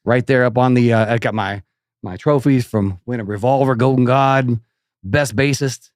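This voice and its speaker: Easygoing podcast dude talking metal memories, mid voice, dry mic. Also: male voice, medium pitch, fairly even intonation, normal speed, no echo. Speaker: podcast co-host. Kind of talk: casual chat.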